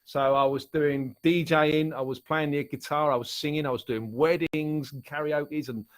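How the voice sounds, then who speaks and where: Middle-aged essex guy rambling on, voice a bit high, lots of restarts. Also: fairly even intonation, moderate pace. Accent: Essex English. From Essex, England. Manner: rambling, chatty, many restarts. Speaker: musician and author guest. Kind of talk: casual chat.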